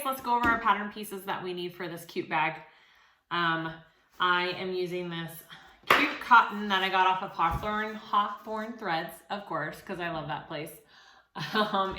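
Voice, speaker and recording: Woman host, chatty and encouraging, bright tone, recorded in an echoey room. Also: medium pitch. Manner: chatty, encouraging, frequent fillers. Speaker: sewing tutorial host. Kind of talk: casual tutorial talk.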